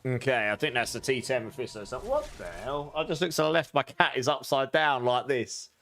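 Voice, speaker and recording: A man's voice: medium pitch, fairly quick, a bit bright. A man streaming a game live, chatting casually with viewers and laughing often. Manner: chatty, laughs often, talks to chat and his cat. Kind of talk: live gameplay commentary.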